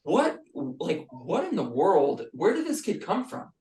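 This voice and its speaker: A man co-hosting a casual podcast, excitedly retelling his reactions with lots of filler words. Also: fairly high pitch, unhurried, echoey room, recorded from a distance. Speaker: podcast co-host. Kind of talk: casual chat.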